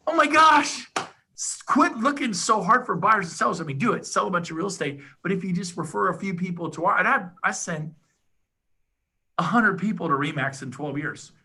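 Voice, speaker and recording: Fired-up middle-aged man pitching hard. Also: sharp tone, breathy edge. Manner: fired-up, rapid, emphatic, salesy. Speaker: podcast guest, real estate agent. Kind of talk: enthusiastic sales pitch.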